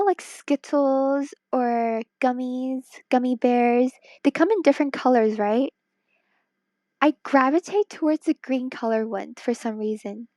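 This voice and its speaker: A woman streamer chatting casually with viewers while drawing, giggly and excitable, talking into wireless earbuds. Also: high voice, dry recording.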